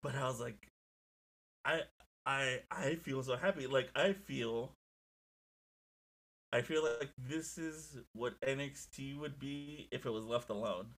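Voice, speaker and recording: A young man chatting casually as a podcast co-host, telling stories in an excitable, animated way with lots of swearing. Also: medium pitch, takes it slowly, long pauses. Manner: excitable, profane, animated storytelling. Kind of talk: casual chat.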